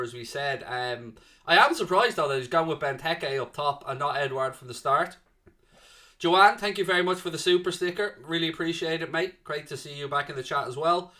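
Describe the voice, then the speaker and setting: A man hosts a live fan watchalong of a football match, chatting off the cuff into a streaming mic. His voice sits a touch high and sounds bright and forceful. He pauses on fillers as he thinks aloud and reads out and answers viewers' chat messages.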